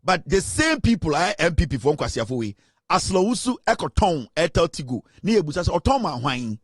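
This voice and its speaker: A Ghanaian man hosting a political commentary show, talking in an animated, mocking way and mixing in Twi. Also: on the high side, brisk, slightly rough, no room sound, clean studio sound. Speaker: host.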